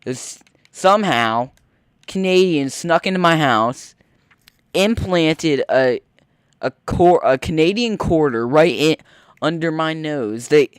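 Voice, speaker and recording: A teenage boy rambling through a story while commenting on his gameplay, often cutting himself off and getting excited. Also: on the high side, slow pace, clear, resonant tone, no echo, studio quality. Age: teens. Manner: rambling, self-interrupting, excitable. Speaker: gaming video host.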